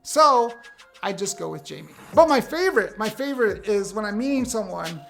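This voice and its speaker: A man in his fifties from the United States, talking candidly to camera with wry, animated storytelling. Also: high-pitched, moderate pace, gravelly, soft background music. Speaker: vlogger sharing a personal list. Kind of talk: casual talk to camera.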